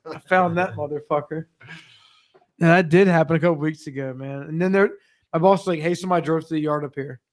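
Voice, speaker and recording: A young man in casual chat, telling work stories with profanity and loud acted quotes. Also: fairly high pitch, fast. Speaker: podcast guest.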